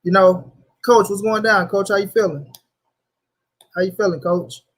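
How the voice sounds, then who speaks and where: A man's voice: sits high, fairly even intonation, normal speed, fairly bright tone. A young man hosting a casual livestream, talking loosely in slang and greeting viewers by name. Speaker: livestream host.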